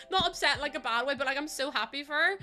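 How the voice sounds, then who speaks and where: A woman's voice: sits high, quick pace, bright, forceful tone, faint music behind. A young woman chatting casually on a game livestream, rambling and answering her chat. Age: young adult.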